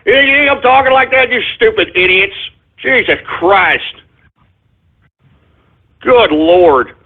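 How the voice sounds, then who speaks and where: Exasperated ranting radio host, phone-tinny. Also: male voice, high voice, expressive, slow. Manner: exasperated, berating, swears often. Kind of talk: ranting call-in radio monologue. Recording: tinny phone-line sound.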